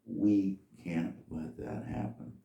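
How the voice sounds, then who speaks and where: A man's voice: low voice, fairly even intonation, slow, vocal fry, warm tone, roomy sound, recorded from a distance. A man telling a folksy, rambling story in a casual monologue.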